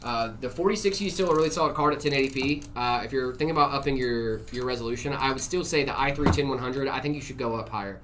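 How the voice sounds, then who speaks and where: A man's voice: mid-range voice, fast, few pauses, noisy background. A man hosting a live stream, casually answering viewer questions with lots of "uh" and "um" and easy jokes. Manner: relaxed, full of "uh" and "um" fillers, jokey.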